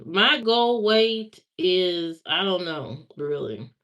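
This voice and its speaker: A woman's voice: fairly low pitch, lively intonation, very slow, pauses often, highs cut off. A woman in her thirties chatting casually on a livestream, answering viewer comments in a candid, rambling way with many fillers.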